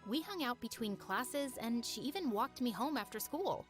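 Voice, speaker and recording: A woman narrating her own story in an expressive, confessional scripted storytime style, with music behind. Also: on the high side, normal speed. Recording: narration over background music.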